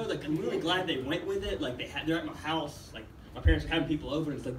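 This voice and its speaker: A man's voice: on the high side, lively intonation, racing, hardly any pauses. A young man from Ethiopia doing a rambling, laid-back stand-up comedy set with lots of swearing. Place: open-mic comedy room. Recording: roomy, distant room mic with faint background noise.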